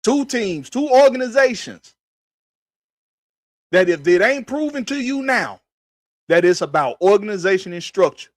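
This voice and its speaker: Host, male, high voice, heated profane rant, dry close sound. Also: sing-song, measured pace, pauses often, no room sound. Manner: profane, emphatic, repetitive ranting. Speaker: podcast host.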